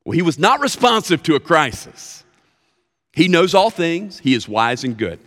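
A man preaching a sermon as pastor, expressive and emphatic, with deliberate pauses. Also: on the high side. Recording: reverberant hall sound.

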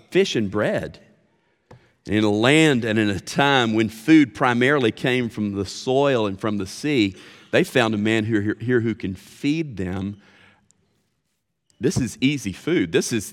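A man preaching a sermon as pastor, expressive and emphatic, with deliberate pauses. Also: mid-range voice. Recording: reverberant hall sound.

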